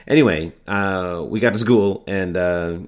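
A man's voice: low voice, unhurried, clean tone. A middle-aged man teaching improv in a rambling, conversational way, full of fillers and restarts. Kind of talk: informal spoken lesson.

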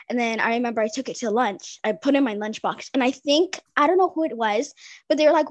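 A woman's voice: on the high side, fast talker, dry recording. Giggly young woman telling rambling stories. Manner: giggly, rambling, many fillers. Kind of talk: casual storytelling chat.

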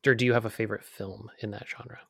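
Low-voiced rambling podcast co-host man. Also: little pitch movement, quick pace, vocal fry, a bit bright, breathy edge, no room sound, clean studio sound. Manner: rambling, filler-heavy, lots of "like". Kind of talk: casual chat.

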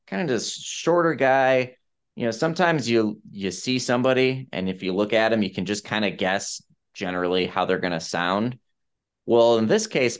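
A male podcast host with a smooth, clear voice that sits a little low. He chats casually and tells anecdotes with animated accent impressions thrown in. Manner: animated storyteller who mimics accents. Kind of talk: casual chat, storytelling.

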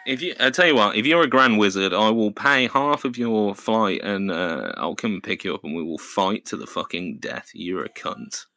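A man's voice: lowish voice, animated, moderate pace, hardly any pauses, sharp tone, dry recording. A man co-hosting a comedy podcast, swearing freely and riffing into silly bits. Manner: swearing, riffs into silly voices. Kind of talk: crude comedic podcast banter.

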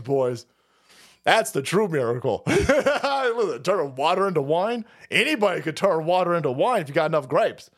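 A man rants through political commentary in a high, very animated voice that swoops up and down. He curses freely, laughs often and pushes his lines hard, like a host riffing alone on his show. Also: normal speed. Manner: loud, profane, laughs often, swings pitch wildly. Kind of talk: profane ranting commentary.

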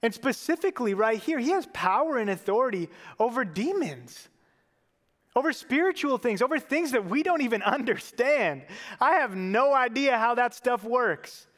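A man's voice: very high voice, expressive, moderate pace, a bit bright, long reverb tail. A man giving a sermon as a pastor, earnest and conversational, with casual fillers.

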